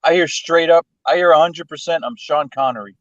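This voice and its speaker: A man's voice: fairly high pitch, a little fast, a bit bright, highs cut off, slight background noise. A man in casual chat, joking crudely and repeating himself.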